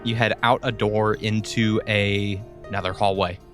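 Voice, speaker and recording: A man's voice: on the low side, little pitch movement, normal speed, over music. A man narrating as game master of a tabletop role-playing game, in a wry, laid-back way.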